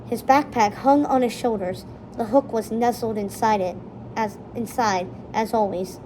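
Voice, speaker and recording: A woman narrating a children's chapter book aloud in a steady, expressive storytelling manner. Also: a little high, a little slow, a little hiss or hum, rough recording. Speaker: storybook reader.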